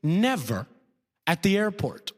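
A man's voice: high-pitched, very animated, takes it slowly. A man performing a stand-up comedy set on a club stage, talking to the crowd in a conversational, punchy way and laughing at his own jokes. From Canada. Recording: faint noise, long hall reverb.

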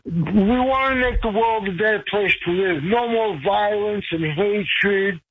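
A man who is a regular guest on a radio show, chatting casually in an easygoing, halting way with frequent repeats. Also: high voice, slightly rough. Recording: dull lo-fi radio audio, faint music.

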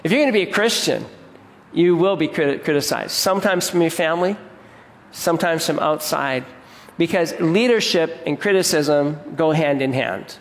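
A man's voice: on the high side, moderate pace. A pastor giving an earnest sermon, often restarting his words and putting questions to the congregation. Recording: long reverb of a large hall.

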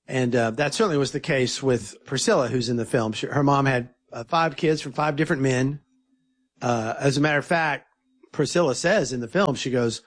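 A filmmaker being interviewed, telling an earnest, animated story and quoting others in his own voice. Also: mid-range voice, fairly quick.

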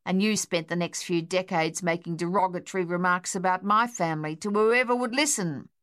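A woman's voice: on the low side, a little fast, fairly bright tone, clean tone, close to an everyday voice. Woman voicing a brusque, impatient woman. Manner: blunt and insistent. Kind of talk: audiobook character voice.

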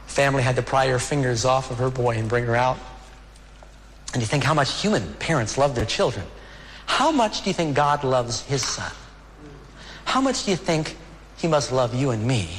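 A man preaching a sermon as pastor, earnest, with dramatic slowdowns on key words. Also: mid-range voice. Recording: hall reverb with faint ambient noise.

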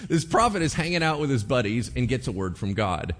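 A man's voice: mid-range voice, sing-song, a little fast, a bit bright. A male pastor preaching a sermon in a casual, joking storytelling manner, laughing often.

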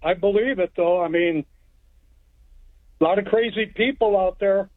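A man's voice: sits high, a little slow, no echo. A man calling in from Texas, telling a story in a plainspoken, rambling way. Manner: plainspoken, rambling narration with restarts. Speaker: caller. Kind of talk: phone-in storytelling. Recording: tinny phone line.

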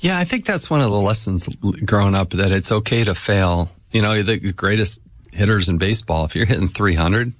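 Low-voiced male podcast host. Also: animated, fairly quick, no echo. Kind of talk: casual chat.

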